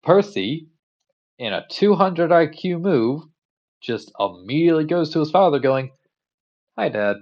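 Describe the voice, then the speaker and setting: A man's voice: fairly high pitch, measured pace, muffled recording. Easygoing man rambling through a retelling. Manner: relaxed, rambling, filler-heavy. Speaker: commentator. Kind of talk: casual storytelling commentary.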